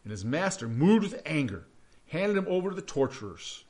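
A man preaching a sermon, reading scripture aloud and breaking into hushed, questioning asides. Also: a little high, normal speed. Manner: animated, swings between loud reading and hushed asides. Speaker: pastor.

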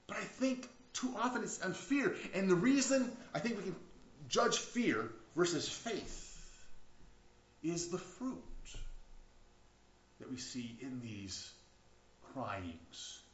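Speaking slowly with long pauses, a high-voiced pastor uses lively intonation as he preaches. His sermon is conversational, full of restarts and rising outcries, and the church recording is echoey, dull and lo-fi.

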